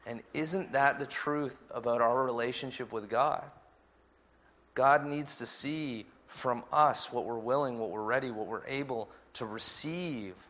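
A man preaching a sermon as pastor, measured and earnest. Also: mid-range voice, a bit bright.

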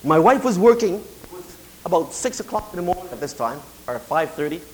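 A middle-aged pastor preaching a sermon, moving from quiet, confiding storytelling to slow, emphatic declarations. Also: male voice, high-pitched, sing-song, slight background noise, poor audio.

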